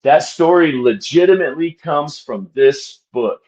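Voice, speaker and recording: A man talking slowly and deliberately to his viewers, piling up rhetorical questions and tagging "right?" onto his points. He addresses them like a mock preacher, leaning hard on repetition. The sound is dull and muffled. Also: a little high, expressive, a little mellow. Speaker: channel host discussing a book. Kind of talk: casual commentary to camera.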